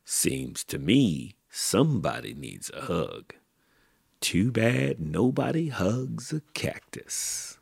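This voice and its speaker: A laid-back cowboy drops a dry remark in a low, unhurried voice, as a man reading a picture book puts him on. It is gravelly and husky. The recording is close and dry. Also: sing-song, no echo, exaggerated voice. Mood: wry. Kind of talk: children's picture book read aloud.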